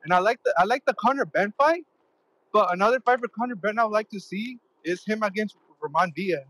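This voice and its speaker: A man's voice: sits high, brisk, a bit bright, rough recording. A young man calling into a boxing show while out of breath from running, rambling with many fillers. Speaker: caller.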